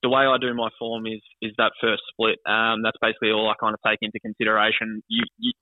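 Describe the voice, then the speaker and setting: A man co-hosting a casual greyhound tips chat, talking in quick, halting bursts and repeating words. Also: on the low side, little pitch movement, no room sound. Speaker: greyhound racing tipster co-host. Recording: tinny phone line.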